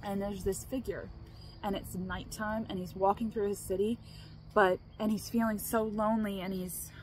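A woman with a steady, slightly mellow mid-range voice vlogs at a moderate pace, with faint noise in the background. Emotional and choked up, she rambles earnestly in casual vlog talk, often restarting sentences and laughing between thoughts.

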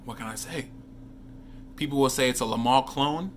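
At a moderate pace and in a mid-range voice, a man chats through a fragrance review vlog. His storytelling is lively, and he often turns aside to address viewers. A bit of background noise can be heard.

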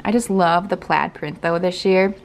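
A woman's voice: fairly low pitch, steady tone, moderate pace, vocal fry. A woman in her thirties chatting casually to her camera in a vlog, rambling a little and laughing now and then. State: out of breath. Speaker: vlogger. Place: at home, then in a car and out in the cold.

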